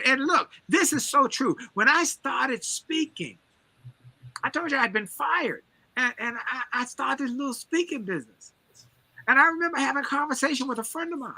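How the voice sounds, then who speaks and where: A man's voice: extremely high pitch, animated, normal speed, vocal fry, bright, forceful tone, dry recording. A man giving a motivational talk as an interview guest, driving his points home with emphatic, preacher-like repetition. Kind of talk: energetic motivational storytelling.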